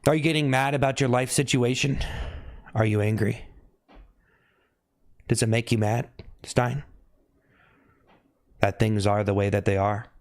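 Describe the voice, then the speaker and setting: A man live streaming who teases his chat with repeated needling questions and breaks into sudden high yelps. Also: steady tone, measured pace, pauses often. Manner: teasing, repetitive needling questions.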